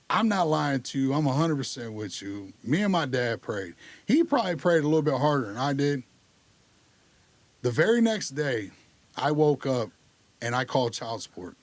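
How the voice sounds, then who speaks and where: On a podcast, a man candidly and casually recounts his recovery story, retelling it with energy and acting out the dialogue. His voice is medium-pitched, with no room sound.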